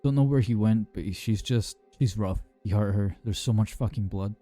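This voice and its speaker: A man's voice: lowish voice, moderate pace, dark tone, faint music behind, close to an everyday voice. A man voicing a drunk young man who rambles, slurs and swears while reporting an attack to an emergency line. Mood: shaken. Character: drunk young British man calling for help, rattled.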